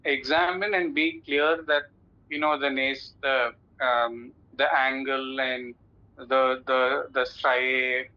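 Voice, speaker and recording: A man's voice: medium pitch, fairly even intonation, slow pace. A man teaching a clinical case, instructive and repeating his points firmly. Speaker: oncology teacher. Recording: dull lo-fi sound.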